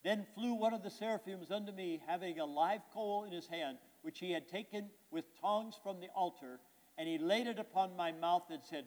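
A man preaching a sermon, reading scripture aloud and questioning the congregation, his volume swinging from emphatic to quiet. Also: high voice, normal speed. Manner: reads scripture aloud, then explains it with rhetorical questions to the congregation; swings between loud emphatic lines and soft, quiet asides. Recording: long hall reverb.

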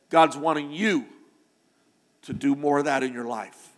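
An older man, a pastor, preaching a sermon through a long personal story, now and then breaking into loud shouts. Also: a little high, a little slow, long pauses. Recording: long hall reverb.

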